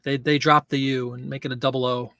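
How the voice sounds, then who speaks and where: A man's voice: mid-range voice, level tone, fast, gravelly, bright, forceful tone. A man hosting a live selling stream, chatting casually and joking as he reads viewer comments aloud.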